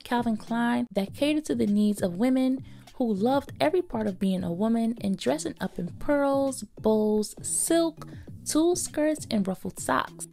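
Woman getting over a cold, gravelly voice. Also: fairly high pitch. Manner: bubbly, lively greetings to viewers. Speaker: fashion YouTuber. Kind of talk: casual scripted vlog narration.

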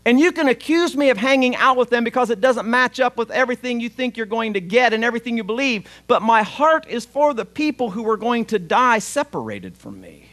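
A man's voice: very high voice, animated, fairly quick, hardly any pauses, fairly bright tone. A man, preaching a sermon as pastor, retelling a story in a conversational way and voicing the father's lines.

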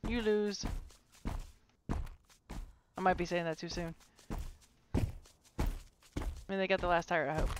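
A woman's voice: lowish voice, measured pace, pauses often, slight background noise. A woman streaming a horror game, commenting live and playfully taunting a monster, swearing freely.

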